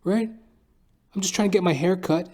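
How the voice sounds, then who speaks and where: A man's voice: sits high, fairly even intonation, racing, a little mellow. A man hosting his own podcast, telling comic stories in a rambling, profane way. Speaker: podcast host. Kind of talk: comedic storytelling monologue.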